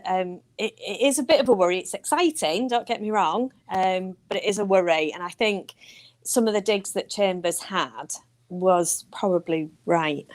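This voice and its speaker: Laughing Yorkshire woman on a podcast. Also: mid-range voice. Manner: laughs easily, thoughtful with fillers. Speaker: podcast co-host. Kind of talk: casual fan podcast chat.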